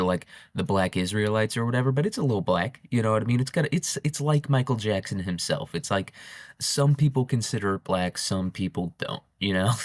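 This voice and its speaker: A man's voice: fairly low pitch, dry recording, clean studio sound. A man hosting a show, rambling through a casual, irreverent comic monologue and often laughing. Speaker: podcast host.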